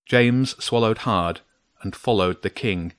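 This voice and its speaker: A man reading a children's story aloud in a measured, steady way. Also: fairly low pitch, smooth, no room sound. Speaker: narrator. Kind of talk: scripted storybook narration.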